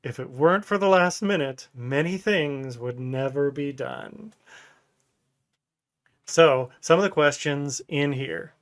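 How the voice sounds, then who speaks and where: A man's voice: a little high, slow. A man in his thirties, co-hosting a casual podcast chat, who tells rambling stories and laughs often. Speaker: podcast co-host.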